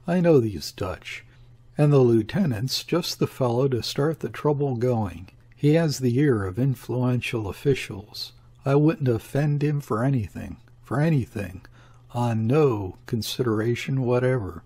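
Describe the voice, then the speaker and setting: A worried, fussy older father, as a male narrator puts him on, pressing his point in urgent rushes. The voice has a husky grain and an unhurried underlying pace, pitched in an ordinary middle register. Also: expressive, warm tone. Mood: fretful. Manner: urgent, fretful, talks in rushes.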